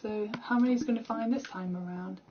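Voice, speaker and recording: A woman's voice: mid-range voice, a little fast, dull audio, slight background noise. Chatty young British woman streamer. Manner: rambling, chatty, self-deprecating. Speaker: gaming streamer. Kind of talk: casual game commentary.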